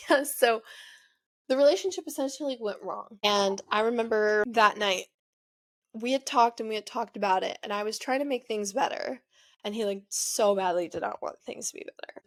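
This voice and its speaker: A young woman in her twenties hosting a podcast, telling a personal story into a microphone in a chatty, emotional way, full of "like" and restarts. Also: fairly high pitch. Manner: chatty, filler-heavy, emotional, frequent "like". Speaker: podcast host. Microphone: studio microphone.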